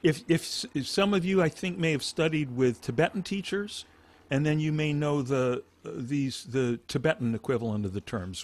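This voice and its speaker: A man teaching a meditation class who talks in halting phrases, restarting often and explaining with plain examples. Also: on the high side. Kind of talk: dharma talk.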